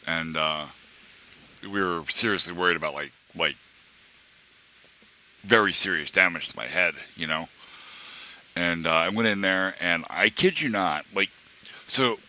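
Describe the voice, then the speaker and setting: Young guy streamer rambling a story to chat, real low voice but kinda bright and forceful, lots of um and like. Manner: rambling, many fillers and restarts; quotes others in raised voice.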